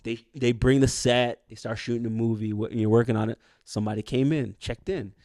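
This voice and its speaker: A man's voice: medium pitch, steady tone, fairly quick, darkish tone, no echo, clean studio sound. A man co-hosting a podcast, telling a long story in casual chat, rambling with fillers and street slang, often quoting people mid-story. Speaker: podcast co-host.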